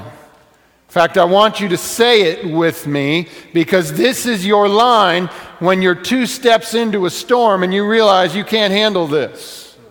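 A man's voice: on the high side, fairly bright tone, long reverb tail. A male pastor preaching a sermon, telling a story and leading the congregation to repeat a line. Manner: storytelling, leads the congregation in call-and-response.

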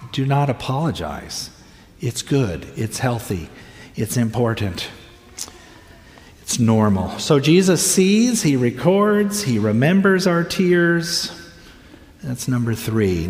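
An older man preaching a sermon as a pastor, slow and earnest, stretching his words with long pauses. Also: medium pitch, darkish tone. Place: church sanctuary. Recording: echoey hall, voice from a distance.

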